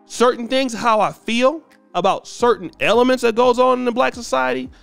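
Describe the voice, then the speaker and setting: A man's voice: extremely high pitch, fairly even intonation, moderate pace, gravelly, fairly bright tone, smooth, soft background music. A man hosting a commentary show, talking emphatically and repeating words as he makes his point. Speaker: commentary host. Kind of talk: casual commentary.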